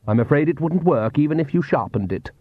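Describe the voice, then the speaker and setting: A man's voice: fairly high pitch, animated, quick pace, breathy edge, no room sound, phone-quality sound, pitched above the performer's own voice. A man voicing a suave, menacing male vampire count, polite and cold. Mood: cool.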